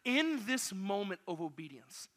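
A man's voice: sits high, big pitch swings, a little slow, fairly bright tone. A man preaching to a youth group, energetically directing volunteers as he acts out a Bible story. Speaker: youth pastor.

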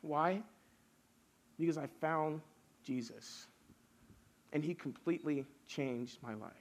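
Young male preacher, casual youth-sermon delivery, slightly higher voice, builds emphatic lists. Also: slow. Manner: casual, storytelling, builds lists with rising force.

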